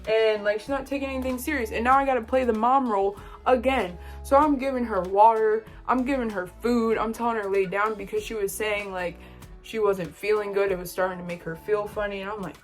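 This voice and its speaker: A young woman vlogging a casual storytime, exasperated and full of slang. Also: mid-range voice.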